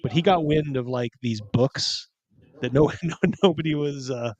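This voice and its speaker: A man's voice: medium pitch, moderate pace, darkish tone, highs cut off. A man hosting a podcast, telling stories in casual chat and rambling through them with lots of fillers. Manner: rambling storyteller, heavy on fillers. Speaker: podcast host.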